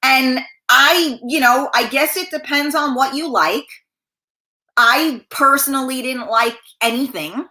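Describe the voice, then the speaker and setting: A woman's voice: sits high, unhurried, bright, forceful tone, reverberant. A middle-aged woman hosting a live talk show, rambling and blunt, swearing freely as she reads viewer comments.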